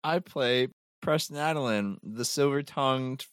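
A man calmly introducing himself as a tabletop game player on a podcast. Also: mid-range voice, measured pace, clean tone, no room sound, studio quality.

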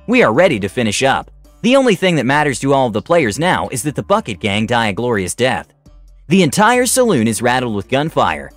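A man narrating a scripted tabletop game story in an animated way, putting on voices for characters. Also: medium pitch, no room sound.

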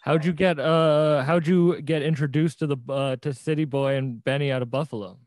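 A man's voice: on the high side, steady tone, normal speed, darkish tone, no room sound. A man hosting a podcast, asking friendly, easygoing questions. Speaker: podcast host. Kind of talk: casual interview.

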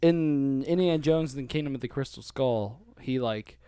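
A man in casual podcast chat, laid-back and quick to react, swearing casually. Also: mid-range voice, dark tone, clean tone, no echo, clean studio sound.

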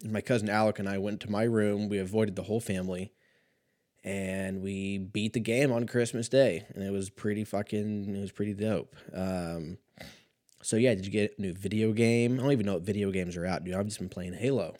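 A young man chatting casually and profanely on his own, rambling, his voice a little rough from a recent cough. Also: lowish voice, steady tone, fairly quick, a little mellow. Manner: profane, rambling, laid-back. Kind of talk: casual solo chat.

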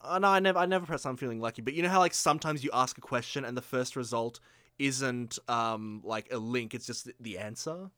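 A man's voice: mid-range voice, fairly quick, sharp tone, smooth, no room sound, studio quality. A man co-hosting a film review podcast, talking casually with hesitant restarts. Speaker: podcast co-host.

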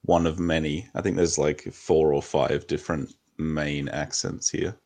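Deep-voiced young man hosting. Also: fairly even intonation, unhurried, darkish tone. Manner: hesitant, many fillers and restarts. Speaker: podcast host. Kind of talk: casual chat.

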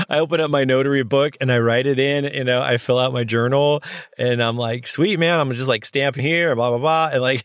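With a medium-pitched voice in clean studio sound free of echo, a notary signing agent shares a personal story in a relaxed but animated way. He performs both sides of each conversation himself.

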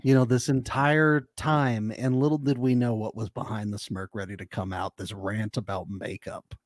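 A man's voice: on the low side, fairly even intonation, normal speed, no room sound. A man co-hosting a casual podcast chat, joking and laughing often between his lines. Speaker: podcast co-host.

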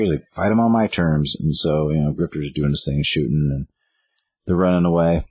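On a dry recording, a podcast co-host with a very deep, slightly rough, somewhat mellow voice speaks briskly. In casual chat he rambles through a comic's plot, acting out the quotes with "he's like."

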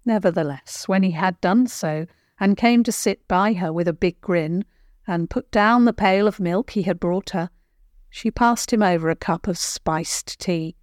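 An older woman, the regular storyteller of the show, reading a children's bedtime tale in a gentle, measured way. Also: on the low side, no room sound, studio quality. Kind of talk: scripted children's story narration.

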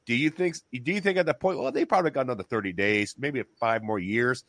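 A man hosting a casual religious discussion, talking in an excited, emphatic, rambling way with many restarts. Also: medium pitch, quick pace, no room sound.

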